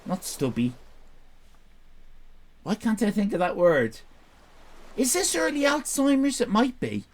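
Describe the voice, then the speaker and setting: Male streamer, rambling and self-mocking, very animated pitch. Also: a little slow. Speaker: live streamer. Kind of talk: casual live-stream chat.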